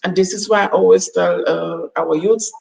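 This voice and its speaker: A woman's voice: fairly low pitch, steady tone, moderate pace, vocal fry, a little mellow. A woman giving earnest, preachy advice as a talk-show panel guest, acting out quoted exchanges. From Gambia. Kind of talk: motivational talk show chat. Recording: distant mic with faint background noise.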